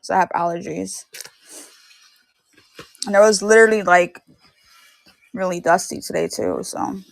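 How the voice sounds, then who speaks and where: Young woman with a gravelly, rambling voice. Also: on the low side, steady tone, a little slow, dry recording. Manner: rambling, filler-heavy storytelling. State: sore, itchy throat. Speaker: online reseller selling DVDs and VHS tapes. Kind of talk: casual livestream chat.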